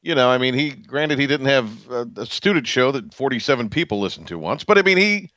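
A man's voice: mid-range voice, expressive, fairly quick, sharp tone, no room sound. Guy hosting sports talk radio, voice jumps all over, rambly and wry, dry studio mic. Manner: rambling, self-interrupting, wry asides. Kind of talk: casual sports talk chat. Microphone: studio microphone.

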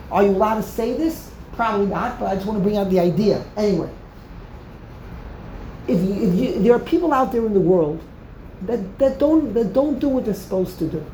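A woman's voice: mid-range voice, warm tone, slight background noise. A woman giving a Torah lecture, emphatic, repeating phrases to drive home each point. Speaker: Torah teacher. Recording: roomy echo.

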